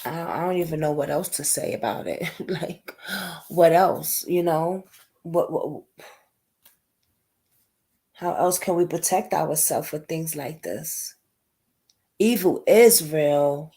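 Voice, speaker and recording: A woman's voice: low-pitched, takes it slowly, pauses often, mellow. A woman hosting a casual livestream chat, talking emotionally and in a rambling way, greeting viewers by name. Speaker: livestream host.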